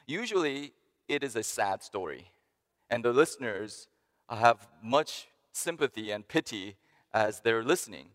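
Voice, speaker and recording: A man delivering a sermon with a mid-range voice that swings widely in pitch. He climbs to emphatic peaks and then drops to quiet asides. His voice carries a long reverb, as if spoken in a large church hall. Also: lively intonation, unhurried. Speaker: pastor.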